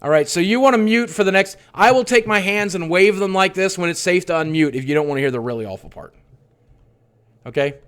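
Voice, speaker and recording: A middle-aged man streaming live recounts something painful from his life in a high-pitched, animated, brisk voice. He curses frequently and lurches from quiet muttering to loud outbursts.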